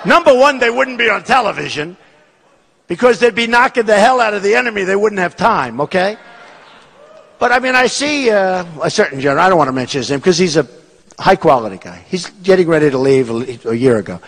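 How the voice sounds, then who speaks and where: A man in his sixties delivers a rally speech, repeating his points with emphasis and boasting as he drifts between topics. His voice sits high and swings widely in pitch. Long reverb from a large performing arts hall trails each phrase. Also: sing-song, brisk, vocal fry, a bit bright, husky. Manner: repetitive, emphatic, boastful, digressive. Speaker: political candidate speaking at a rally.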